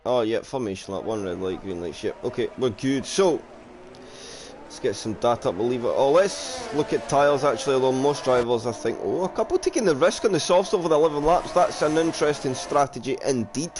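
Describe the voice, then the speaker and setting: A man with a mid-range voice commentates a sim racing league stream, animated and brisk, against a noisy background. He keeps it casual and jokey, reading chat comments aloud and calling the grid in live race commentary.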